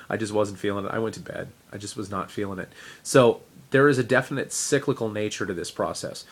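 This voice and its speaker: A man's voice: fairly low pitch, brisk, slightly rough. A man, a teacher, talking casually to camera in a fitness video diary, rambling with fillers and self-deprecating asides. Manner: rambling, with frequent fillers and restarts. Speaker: teacher sharing a fitness update.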